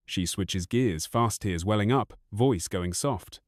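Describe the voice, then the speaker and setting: A man's voice: lowish voice, slow pace, dry recording, studio quality. A man in his thirties narrating a first-person story in a bitter, raw, profane way.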